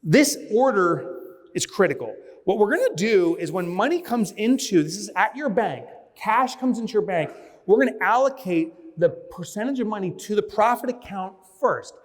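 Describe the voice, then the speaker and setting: A man giving a conference keynote, telling a story with lively acted-out asides before moving on to business advice. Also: high voice, normal speed. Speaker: keynote speaker. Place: large conference hall. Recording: reverberant hall.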